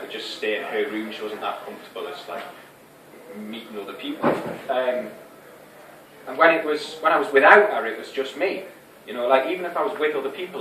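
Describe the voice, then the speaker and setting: A man's voice: medium pitch, bright, forceful tone, close to an everyday voice. An actor playing an anxious, lovesick young man, rambling and hesitant, with many restarts, in a stage monologue. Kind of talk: theatre monologue. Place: small fringe theatre venue. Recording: echoey room, distant mic, faint hiss.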